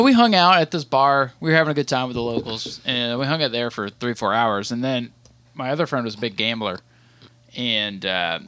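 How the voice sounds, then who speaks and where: A man's voice: mid-range voice, a bit bright, no echo. A man in his thirties, a podcast co-host telling a long rambling story in casual chat, with many restarts.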